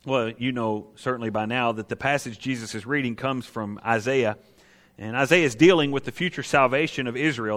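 A man preaching a sermon, animated, acting out voices from the scripture he reads. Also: on the high side. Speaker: pastor.

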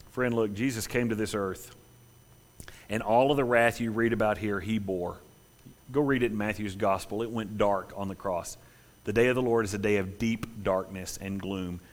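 A male pastor preaching a sermon in an earnest, emphatic way, slowing his phrasing for drama, in a church. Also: lowish voice, steady tone.

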